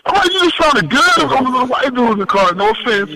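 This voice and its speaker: A man as a podcast guest telling a story in a lively, profane way, with big pitch swings when he quotes people. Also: fairly quick, a loud crowd, rough recording. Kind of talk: animated storytelling.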